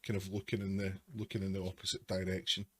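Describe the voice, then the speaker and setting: A man's voice: low voice, completely flat delivery, quick pace, breathy edge. A man narrating as game master, describing the scene in a loose, hedging way.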